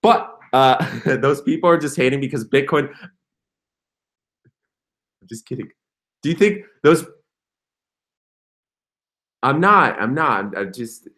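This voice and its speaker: A young man hosting a casual livestream, talking in an excitable, rambling way and reading comments aloud. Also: mid-range voice, slow pace, long pauses. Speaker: crypto livestream host.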